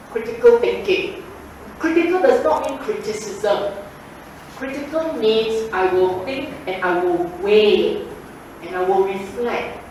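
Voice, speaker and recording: A woman's voice: a little high, a little mellow, a little hiss or hum. A woman giving a public Dhamma talk, repeating her points emphatically in colloquial phrasing. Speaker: Buddhist Dhamma speaker. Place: lecture hall. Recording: echoey hall recorded from far off.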